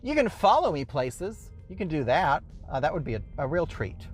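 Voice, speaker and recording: A man's voice: a little high, big pitch swings, normal speed, soft background music. A man hosting a casual show from his car while driving, rambling with wry, exasperated asides. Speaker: host.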